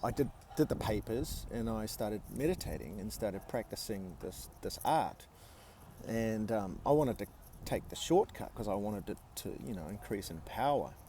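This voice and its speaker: A man's voice: lowish voice, lively intonation, moderate pace, mellow, a little hiss or hum. A man in his forties telling a personal story in a casual, candid way, swearing freely and using many fillers. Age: 40s.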